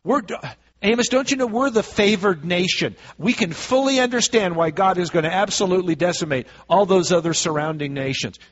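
A man putting on an exasperated ancient Israelite, pleading and indignant, his husky voice pitched up a little higher than usual. It sounds like a dull, lo-fi sermon recording. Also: fairly quick.

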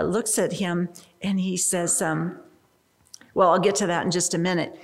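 A woman teaching a Bible study. She speaks in an expressive, emphatic way, with rising exclamations and casual asides to her listeners. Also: fairly low pitch.

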